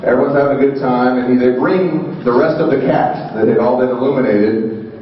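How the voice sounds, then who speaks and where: A man's voice: mid-range voice, normal speed, soft background music. A man emceeing a convention panel, telling stories to the crowd and acting out quotes and sound effects. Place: large convention hall. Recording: echoey hall, distant mic, muffled.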